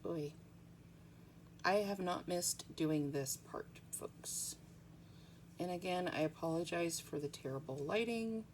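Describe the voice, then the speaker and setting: A rambling, chatty woman with a somewhat low voice talks her way through a home tutorial, full of ums. A faint hum of background noise sits under her. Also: takes it slowly, pauses often. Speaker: nail art tutorial host. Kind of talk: casual tutorial chat.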